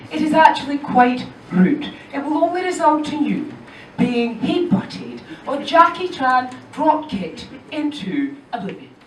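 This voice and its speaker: High-voiced Scottish woman doing stand-up. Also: a little slow, a little hiss or hum. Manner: animated, storytelling. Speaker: stand-up comedian. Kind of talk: stand-up comedy. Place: comedy club stage. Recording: echoey club from far off.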